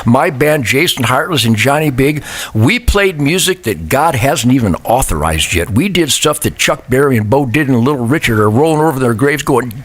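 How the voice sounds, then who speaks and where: A man's voice: medium pitch, animated, normal speed, fairly bright tone. An older male musician guest talking brashly and boastfully on a chat show. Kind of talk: casual chat.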